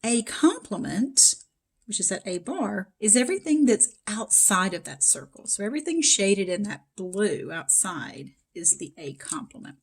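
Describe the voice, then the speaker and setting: Female math instructor, slightly hoarse, easygoing explanatory lecture delivery with fillers. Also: mid-range voice, sing-song, a little slow. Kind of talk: recorded lecture.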